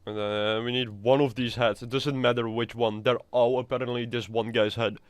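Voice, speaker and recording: A man's voice: medium pitch, flat delivery, normal speed, clear, resonant tone, no room sound. A man giving casual, rambling gameplay commentary, swearing now and then. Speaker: gamer.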